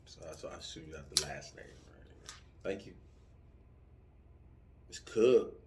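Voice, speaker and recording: A middle-aged man talking casually, telling lively stories with profanity and acting out yelling soldiers. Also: low-pitched, a little slow, background noise. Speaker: vlogger answering subscriber comments. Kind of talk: casual chat.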